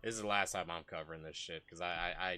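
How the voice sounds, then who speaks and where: A man's voice: sits low, fast talker, sharp tone. A man streaming casual commentary, rambling and profane with many restarts.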